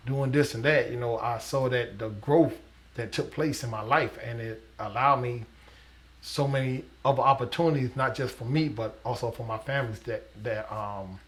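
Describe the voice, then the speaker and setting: A middle-aged man, a business owner, talking thoughtfully in an interview, earnest, with hesitant restarts. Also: mid-range voice. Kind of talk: reflective interview talk.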